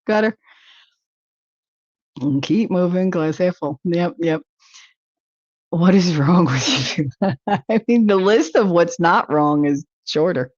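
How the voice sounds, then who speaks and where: A woman's voice: on the low side, lively intonation, slow, pauses often, darkish tone, no echo, highs cut off. A woman hosting a casual livestream talk show, chatting with viewers in a rambling way and laughing easily. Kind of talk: casual chat reacting to viewer comments.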